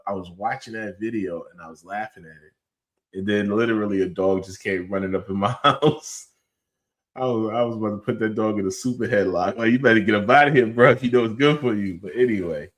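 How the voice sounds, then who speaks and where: A man hosting a podcast, telling an animated story in a casual, slangy way with lots of fillers. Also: sits low. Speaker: podcast host.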